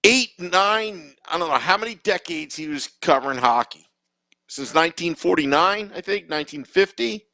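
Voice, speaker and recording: Gravelly opinionated male podcast co-host. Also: fairly high pitch, expressive, normal speed, pushed and bright, no room sound, poor audio. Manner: rambling, opinionated, many restarts. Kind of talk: casual sports chat.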